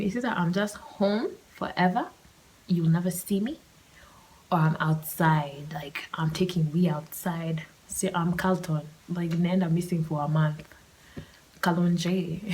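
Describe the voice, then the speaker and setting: A woman's voice: on the low side, a little mellow, low-quality recording. A young woman telling a story on her solo podcast, chatty and slangy, often dropping into a whisper. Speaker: podcast host.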